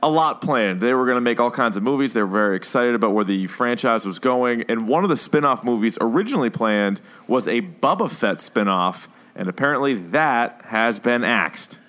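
A man's voice: medium pitch, animated, moderate pace, hardly any pauses, fairly bright tone. Joking, laughing podcast co-host man. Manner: laughing, joking, profane asides. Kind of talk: casual pop-culture chat.

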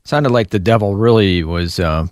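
A man hosts a faith interview, calmly summing up what his guest has said before he asks the next question. His voice sits very low. The recording is dry and close. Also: no room sound. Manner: calm, measured questions and summaries.

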